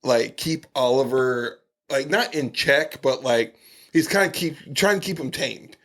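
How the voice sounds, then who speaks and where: A man in casual podcast chat, talking in a relaxed, meandering way. He stops and restarts often and fills the gaps with ums and likes. His voice sits at an ordinary middle pitch. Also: measured pace. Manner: relaxed, rambling with frequent fillers. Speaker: podcast co-host.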